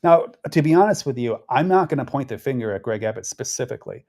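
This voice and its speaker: A man talks through local politics in a loose, conversational way. He rambles, trips over his words and circles back to finish his thoughts. His voice sits at an ordinary middle pitch. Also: animated, fast talker, a little mellow. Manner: rambling, conversational, frequent restarts and fillers. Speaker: political commentary host. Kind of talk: casual political commentary.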